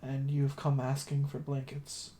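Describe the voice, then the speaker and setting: Laid-back game master, easygoing narration, mid-pitched voice. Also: completely flat delivery, a little slow, dark tone, slight background noise.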